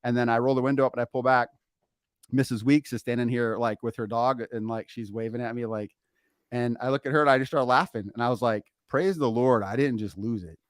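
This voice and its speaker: Middle-aged dad co-host, chatty animated storyteller, mid-range voice, dry booth sound. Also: male voice, medium pitch, fast, smooth, no echo. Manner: animated, laughing storyteller, acts out quotes. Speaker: podcast co-host, father. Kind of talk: casual storytelling chat.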